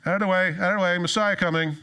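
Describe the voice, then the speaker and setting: A man's voice: sits high, steady tone, rapid-fire, bright, forceful tone, smooth, voice pushed up. A preacher putting on the voices of grumbling, impatient male disciples who brush people off. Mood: dismissive. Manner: whiny, dismissive.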